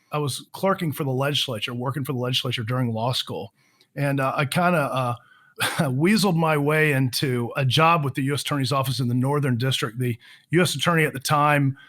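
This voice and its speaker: A man in his fifties, a trial lawyer guest on a podcast, telling his career story in a relaxed, self-deprecating way with many fillers and restarts. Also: medium pitch. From Florida.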